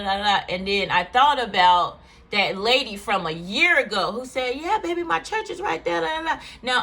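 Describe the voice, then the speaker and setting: A woman speaks straight to her viewers with a bright, forceful tone, recounting something personal. She talks candidly and emotionally, circling back with fillers as she goes. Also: medium pitch. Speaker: vlogger. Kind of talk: personal storytelling to camera.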